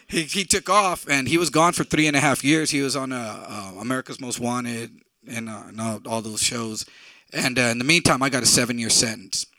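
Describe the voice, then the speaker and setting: A man's voice: medium pitch, bright, forceful tone, no room sound. Blunt middle-aged man telling a story. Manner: candid, blunt, profane, conversational. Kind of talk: live stage storytelling.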